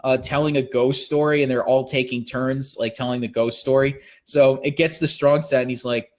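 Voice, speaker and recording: A young man excitedly retelling a story in casual chat, acting out the quotes as he goes. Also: medium pitch, moderate pace.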